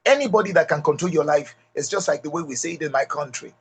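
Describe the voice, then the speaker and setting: Husky Nigerian man giving motivational talk. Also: on the high side, fast. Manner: emphatic, repeats key lines, addresses audience directly. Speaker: leadership speaker.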